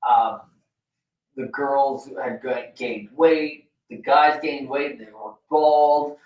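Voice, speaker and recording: On a casual chat show, this male co-host wanders through his thoughts, dropping fillers and swear words easily. His mid-range voice is steady and somewhat dark, and he takes his time. Captured through a video call, the sound is distant and roomy.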